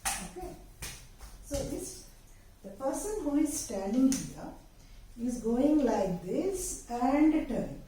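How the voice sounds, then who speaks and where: A woman teaching dance steps, explaining patiently with pauses and fillers as she demonstrates. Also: sits high, sing-song, warm tone. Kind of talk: step-by-step dance instruction. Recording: very echoey room, voice far from the mic, faint noise.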